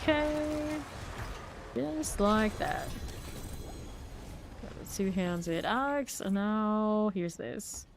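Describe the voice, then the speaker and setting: Chatty woman streaming a game. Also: mid-range voice. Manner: chatty, laughs often, reads chat aloud. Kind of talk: casual gameplay chat. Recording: faint background noise.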